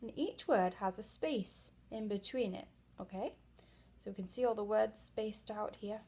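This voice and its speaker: A young woman giving a read-aloud literacy lesson to small children, explaining slowly and patiently and checking in with "okay?" as she goes. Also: mid-range voice, warm tone. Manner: claps and calls out syllables, some words half-whispered. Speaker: reading teacher.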